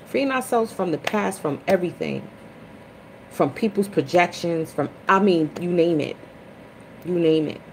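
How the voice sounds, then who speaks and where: A woman hosting a casual spiritual livestream chat, chatty and expressive, greeting viewers by name. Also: a little slow, slight background noise, poor audio. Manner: dramatic swings into high, loud retellings. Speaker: livestream host.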